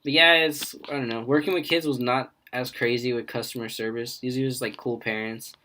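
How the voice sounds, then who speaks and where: A man's voice: mid-range voice, steady tone, a little fast, sharp tone. A young man co-hosting a podcast, telling a story in a laid-back, slangy way. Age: young adult. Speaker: podcast co-host. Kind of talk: casual chat, storytelling.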